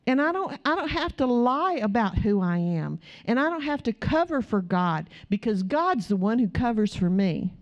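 A middle-aged woman telling a story in a sermon, acting out the dialogue as a lively storyteller. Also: on the high side, normal speed, few pauses. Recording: dull, slightly muffled recording.

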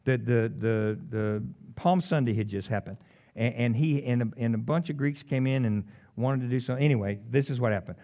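A man preaching a sermon as pastor, jumping between loud emphatic peaks and quiet, joking asides to the congregation. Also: mid-range voice, very animated, normal speed, dull audio. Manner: humorous, teasing the congregation.

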